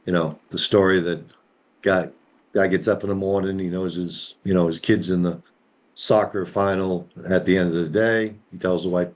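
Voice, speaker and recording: A man's voice: low voice, steady tone, normal speed. A man in a casual group discussion who rambles, fills his talk with "you know" and "um", and tells a story. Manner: rambling, full of fillers, tells stories.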